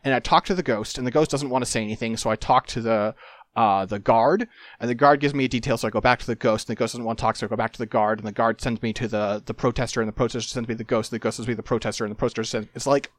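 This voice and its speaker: Man, casual chat, rambling, lots of fillers, dry close sound, mid pitch. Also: steady tone, racing, no room sound. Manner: rambling, filler-heavy, amused. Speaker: podcast co-host discussing a game.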